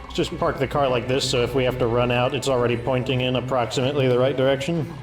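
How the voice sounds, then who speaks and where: A man's voice: medium pitch, flat delivery, fast, music in the background. A man streaming a game, chatting casually and thinking aloud as he plays. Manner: chatty, offhand, thinks aloud while playing. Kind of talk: casual gameplay commentary.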